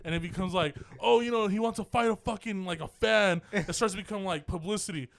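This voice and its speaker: A man's voice: high-pitched, a little fast, vocal fry, a little hiss or hum. A young man in a casual podcast chat, joking and swearing. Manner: joking, swearing, doing mocking voices.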